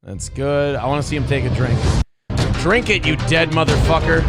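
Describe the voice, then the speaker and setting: A man hosting a casual livestream, reading super chats in a profane, rowdy way with sudden loud outbursts, a little drunk. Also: on the high side, moderate pace, over loud music. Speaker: livestream host.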